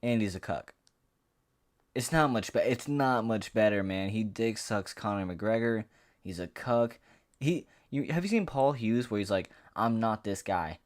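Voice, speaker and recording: Guy with a lowish voice going off on a fighting vlog, cussing, rambly, heated. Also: lively intonation, unhurried. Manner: profane, heated, rambling with restarts. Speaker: MMA commentary vlogger. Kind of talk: ranting casual monologue to camera.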